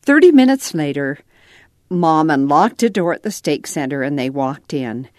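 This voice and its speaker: A woman narrating a children's storybook aloud in an expressive, lilting manner. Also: low voice, normal speed, no echo, clean studio sound.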